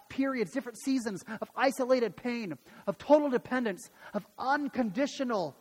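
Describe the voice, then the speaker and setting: A pastor preaching a sermon and retelling a Bible story, acting out the voices of its people in a lively way. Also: male voice, very high-pitched, big-room sound. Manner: animated storytelling, acts out voices.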